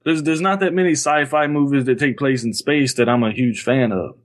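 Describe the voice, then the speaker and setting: A man's voice: medium pitch, fairly quick. A man in a casual podcast chat, laid-back and a little hesitant, often restarting words.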